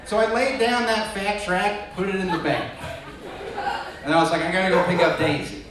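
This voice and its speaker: Young male stand-up comic with a slightly high voice, self-mocking, heard from a distance in a very echoey club with the crowd reacting. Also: steady tone, moderate pace, slight background noise. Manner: self-deprecating storytelling, jumping to loud acted voices. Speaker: stand-up comedian. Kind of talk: stand-up comedy set. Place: comedy club with live audience. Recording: echoey club from far off, audience audible.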